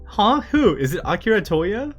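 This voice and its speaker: A man reading a manga aloud and voicing an excitable young boy who plays go, in a startled, protesting way. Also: high voice, moderate pace, voice pushed up.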